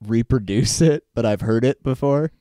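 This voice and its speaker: A man co-hosting a podcast in casual chat, hesitant and quick to laugh. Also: mid-range voice, dark tone, dry recording, studio quality. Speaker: podcast co-host.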